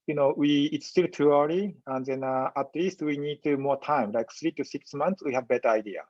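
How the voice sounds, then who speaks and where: A man giving a medical lecture in a webinar, speaking in a halting, measured way with frequent pauses and fillers. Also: fairly high pitch, darkish tone, dry recording, lo-fi sound. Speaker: physician lecturer.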